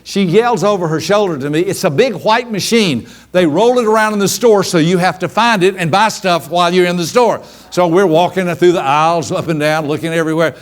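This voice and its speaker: A middle-aged man leading a business seminar, speaking in a voice that sits a bit higher than most men's. He tells stories in an animated way and acts out the scenes as he goes. His delivery keeps things moving with humor. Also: fairly quick, hardly any pauses.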